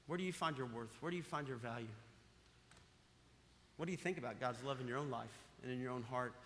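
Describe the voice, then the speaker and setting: A man's voice: medium pitch, a little fast, a bit bright, a little hiss or hum. A man preaching a sermon as pastor, emphatic, repeating key phrases and putting questions to the congregation. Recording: long reverb of a large hall.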